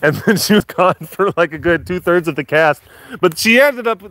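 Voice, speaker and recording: A man's voice: high-pitched, animated, moderate pace, fairly bright tone, dry recording. A man hosting a live stream, reading viewer comments with playful teasing and frequent laughter. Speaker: livestream host at a big cat facility.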